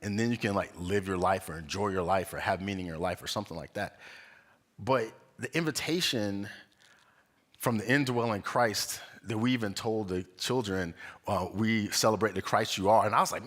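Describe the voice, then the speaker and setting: At a spiritual center's church sanctuary, a young guest speaker gives a conversational sermon. He's an animated storyteller who acts out the voices of his characters and laughs often, speaking at a moderate pace in a somewhat low voice.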